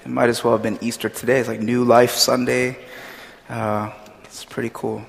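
A man's voice: medium pitch, moderate pace, creaky, breathy edge. Young man preaching in a reverberant hall. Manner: chatty, storytelling, animated when retelling. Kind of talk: casual sermon. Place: church hall.

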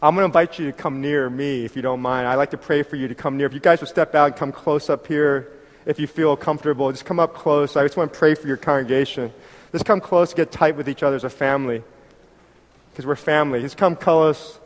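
A man in his fifties preaching a heartfelt sermon, swinging between loud exhortation and soft, intimate asides. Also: on the high side, steady tone, fairly quick. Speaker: pastor. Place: church hall. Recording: long reverb of a church hall.

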